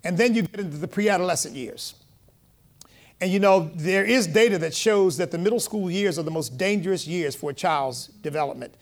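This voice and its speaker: A man, a pastor, preaching a conversational sermon, calling for amens and acting out lively quotes. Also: high voice. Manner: animated, rising loud when quoting.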